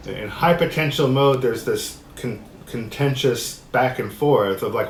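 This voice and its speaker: A man teaching a discussion workshop, reading passages aloud and explaining them in a relaxed way, often laughing. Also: medium pitch, a little slow, hardly any pauses. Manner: relaxed, laughs often, acts out quoted voices. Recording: echoey room with faint noise.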